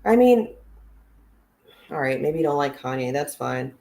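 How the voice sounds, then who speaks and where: Woman, livestream commentator, gravelly voice, blunt, sarcastic, profane. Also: low-pitched, very animated, a little slow, mellow, a little hiss or hum.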